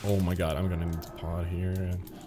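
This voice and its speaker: A man's voice: low-pitched, little pitch movement, a little fast, background noise. A young man from Sweden, rambling jokily through casual gameplay commentary and exclaiming in surprise. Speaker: gaming streamer.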